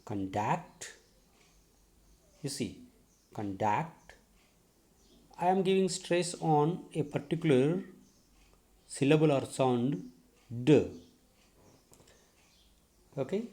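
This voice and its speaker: A middle-aged man from South India with an Indian English accent, teaching a recorded lecture slowly and deliberately, repeating key terms and checking "okay?". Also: fairly high pitch, warm tone. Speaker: English professor.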